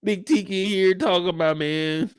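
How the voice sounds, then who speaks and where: A young man, recapping a TV episode alone in loud, slangy, excitable storytelling with acted-out reactions. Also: high voice, moderate pace, clean tone, no room sound, studio quality. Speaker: show recap host. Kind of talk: animated solo recap of a TV episode.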